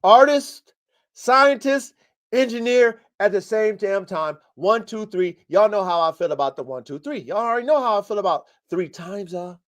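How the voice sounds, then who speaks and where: A man's voice: high-pitched, animated, normal speed. A man hosting a live podcast, coaching dog breeders in a blunt, profane, fired-up way. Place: home studio, live stream.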